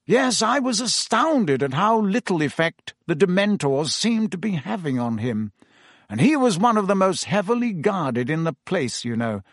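A man's voice: high-pitched, big pitch swings, moderate pace, no echo, pitched above the performer's own voice, exaggerated voice. A pompous, bustling official, as a male reader puts him on, fussy and self-important. His voice sits a little raised and rises and falls a lot. It is close and dry. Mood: earnest. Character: pompous middle-aged male minister, bustling and shaken.

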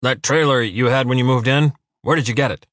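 A man's voice: medium pitch, lively intonation, fast talker, fairly bright tone, no echo, studio quality, lightly acted. A male narrator playing a grumpy, stubborn older man who barks blunt, angry demands. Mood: gruff demanding. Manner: barking, blunt and gruff.

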